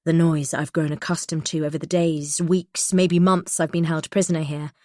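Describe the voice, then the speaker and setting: Low-voiced woman narrating a thriller. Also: level tone, moderate pace, dark tone, no room sound, studio quality. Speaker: audiobook narrator. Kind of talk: first-person thriller narration.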